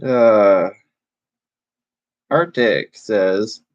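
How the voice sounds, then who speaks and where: A man chatting casually on a live stream from his room, excitable and chatty, laughing often. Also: lowish voice, drawn-out words, dull audio. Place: home room.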